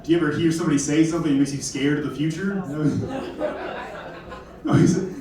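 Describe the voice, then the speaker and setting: Young guy doing standup, kinda high voice, rambly and self-deprecating, far off in a super echoey club. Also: fairly quick. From Kentucky. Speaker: stand-up comedian. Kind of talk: stand-up comedy set. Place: comedy club stage.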